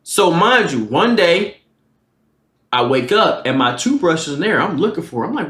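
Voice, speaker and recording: A young man in his twenties telling a casual, profane storytime, jumping into animated quoted lines. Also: on the high side, normal speed. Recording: roomy echo.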